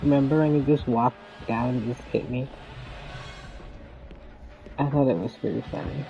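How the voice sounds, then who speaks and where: A man's voice: medium pitch, steady tone, normal speed, gravelly, lo-fi sound, a little hiss or hum. A man chatting casually as he streams a video game, rambling and laughing often. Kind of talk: casual gameplay commentary.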